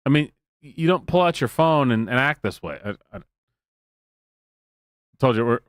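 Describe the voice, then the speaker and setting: A man's voice: medium pitch, lively intonation, normal speed, dry recording, clean studio sound. A man hosting a stream, giving casual, joking and sarcastic reaction commentary with many restarts. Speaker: streamer host.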